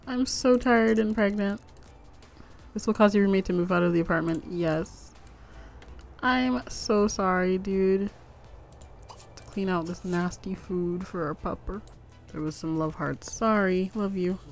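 A young woman chats her way through a game, rambling and giggly in a middle-pitched voice. She coos over the pets and laughs at her own mess. Soft music plays quietly behind her. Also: measured pace. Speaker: gaming YouTuber. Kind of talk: casual let's-play commentary. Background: faint background music.

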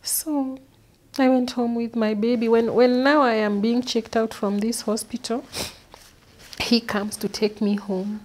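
A woman, an interview guest, recounting a painful personal story in an earnest, halting way, often repeating words. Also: on the high side, steady tone, darkish tone. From Kenya. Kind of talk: personal testimony.

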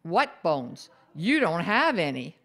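A woman's voice: lowish voice, very animated, takes it slowly, fairly bright tone, heavily acted. Woman reading as a sarcastic grumbling ghost. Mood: dry, sarcastic. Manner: dry, sarcastic, sighing. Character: sardonic, grumbling female ghost companion.

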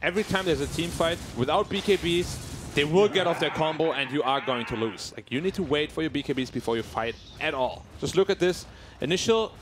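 A man giving color commentary and analysis on an esports match in a quick, conversational way. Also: a little high, lively intonation, background noise.

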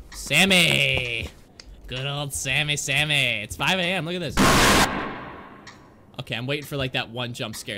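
A young man commenting on a horror game he is playing, excitable, yelling, laughing and talking back to the characters. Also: mid-range voice, normal speed, long pauses, background noise. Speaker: gaming YouTuber.

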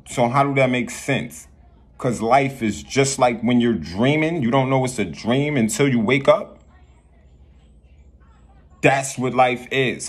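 A man's voice: medium pitch, slightly rough. A man delivering a rambling spiritual rant to his viewers, preachy and profane, often repeating himself. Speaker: vlogger.

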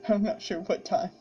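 A gamer chats casually through her gameplay, giggling, yawning and talking to the characters on screen. She sounds sleepy, with a medium-pitched voice and lo-fi audio quality.

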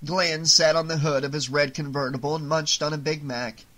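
An audiobook narrator reading a novel aloud in a steady storytelling manner. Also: medium pitch, normal speed, soft background music.

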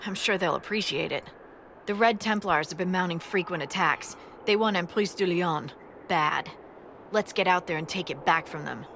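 A woman's voice: on the low side, normal speed, fairly bright tone. An actress voicing a friendly dwarf woman scout who briefs her leader and gets a little flustered in small talk, in a video game. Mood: briefing. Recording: game audio with clear background noise.

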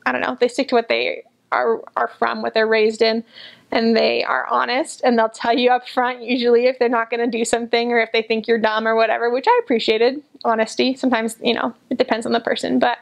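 Gushing young woman with a gravelly voice. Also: a little high, level tone, brisk. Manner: gushing, repetitive, earnest. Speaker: returned missionary. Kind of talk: casual personal reflection.

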